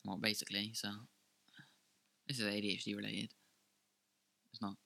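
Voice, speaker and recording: Bright, dry-voiced young man chatting. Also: on the low side, little pitch movement, moderate pace, vocal fry, no room sound. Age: young adult. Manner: rambling, loose storyteller. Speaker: podcast co-host. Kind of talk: casual chat.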